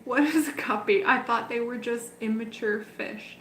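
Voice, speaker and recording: A fairly high, fairly bright female voice at a moderate pace, with slight background noise. She's a betta breeder and channel host on a relaxed livestream from her home fish room, moving a handheld camera about as she fondly chats and coos at the fish.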